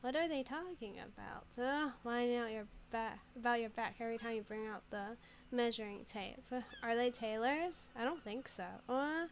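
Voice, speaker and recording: A woman's voice: a little high, moderate pace, a little hiss or hum. Giggly woman streaming a game. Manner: chatty, giggly, reads game text aloud. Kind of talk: casual gameplay commentary.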